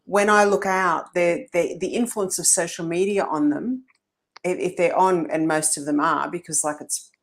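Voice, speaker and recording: A woman's voice: on the low side, fairly even intonation, normal speed. A woman hosting a podcast, asking long, earnest questions with many restarts. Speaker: podcast host. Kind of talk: conversational podcast interview.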